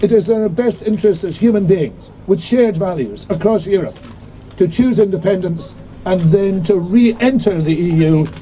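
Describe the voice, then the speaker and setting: A government minister, an older man, hoarse and losing his voice, giving an impassioned rally speech outdoors. He slows down and drops his pitch to stress key lines. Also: dark tone, slight background noise, low-quality recording. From Scotland. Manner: impassioned, slowing and falling in pitch on key phrases.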